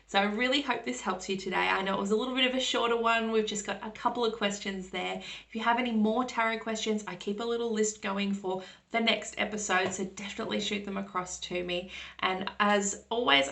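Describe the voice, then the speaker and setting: A woman speaking in a mid-range voice with a noticeable gravelly fry. She explains her points in a relaxed, reassuring way. She keeps checking that her listeners are following her. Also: mid-range voice, fairly quick. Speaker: tarot reader and podcast host. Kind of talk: casual explanatory Q&A.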